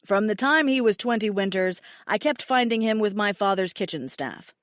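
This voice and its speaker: A woman voicing a stern male dragon lord who teases his mate in a low, coaxing voice in an audiobook. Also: expressive, moderate pace, dry recording, clean studio sound, natural voice. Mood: teasing. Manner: low, coaxing, often laughing.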